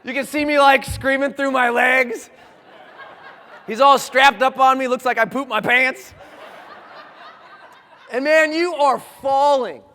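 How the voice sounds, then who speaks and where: A man giving an animated storytelling talk to an audience on a stage, full of sound effects and shouted moments. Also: very high-pitched, measured pace, pauses often, in a large hall. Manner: theatrical, shouts and sound effects, laughs while telling. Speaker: motivational speaker.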